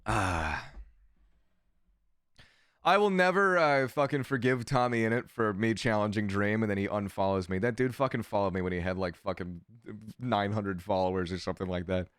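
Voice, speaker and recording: A man's voice: on the low side, moderate pace, fairly bright tone, clear, resonant tone, no echo, clean studio sound. A man streamer giving sarcastic, profane commentary while reading chat aloud. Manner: sarcastic, swears often, reads chat aloud. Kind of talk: casual livestream commentary.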